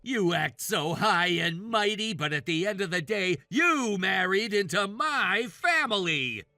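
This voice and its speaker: Man voicing a high, bright-toned bossy brother-in-law, slow and swooping, demanding, dry sound. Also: expressive, no echo, soft background music, exaggerated voice. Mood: angry. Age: 30s. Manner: demanding, yelling insults. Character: entitled jobless brother-in-law, thirties, bossy, sexist. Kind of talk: text message story voice.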